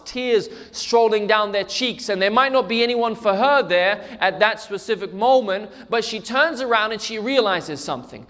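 A man's voice: sits high, a bit bright, long reverb tail. A man preaching a sermon, telling a story with emphatic repetition. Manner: emphatic storytelling, repeats for stress.

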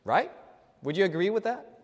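High-voiced preacher in a reverberant hall. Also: male voice, sing-song, moderate pace. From Chinese family. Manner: asks the audience questions, swings between loud and hushed. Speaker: pastor. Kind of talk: sermon.

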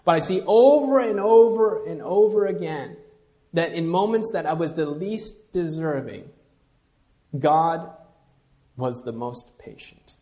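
A man preaching a sermon as pastor, swinging from quiet intimate asides to loud emphatic lines and leading the congregation to repeat after him. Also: on the high side, lively intonation, measured pace. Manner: leads congregation in call-and-response.

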